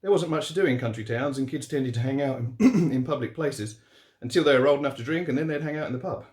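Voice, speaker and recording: Man, author reading horror story, mid pitch, steady, roomy echo. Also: fast talker. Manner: relaxed, steady, few fillers.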